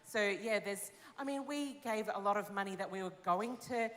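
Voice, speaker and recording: A woman's voice: medium pitch, normal speed. A woman with an Australian accent, a pastor speaking candidly and with animation in an interview, acting out her own thoughts. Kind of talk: interview about giving. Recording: long reverb of a large hall.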